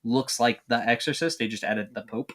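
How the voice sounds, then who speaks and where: A man's voice: mid-range voice, moderate pace, a bit bright. A man co-hosting a podcast in casual chat, opinionated and swearing freely. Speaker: podcast co-host.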